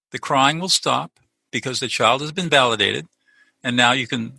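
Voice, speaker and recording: Middle-aged male interview guest, earnest and explanatory, bright tone with a husky edge, dry sound. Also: medium pitch, moderate pace, no echo, low-quality recording. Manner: earnest, explanatory, restarts mid-sentence. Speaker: guest, lawyer turned peacemaker. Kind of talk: conversational interview.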